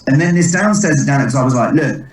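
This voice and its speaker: A man, a comedian telling rambling stories in a relaxed interview, quick to laugh. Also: medium pitch. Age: 30s. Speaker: comedian and impressionist guest. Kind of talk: casual interview chat. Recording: echoey distant mic.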